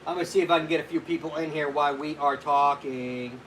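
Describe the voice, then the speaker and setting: A man's voice: on the high side, level tone, quick pace, fairly bright tone, a little hiss or hum. A man hosting a casual live stream as a physical therapist, chatting loosely, greeting viewers by name and answering their questions.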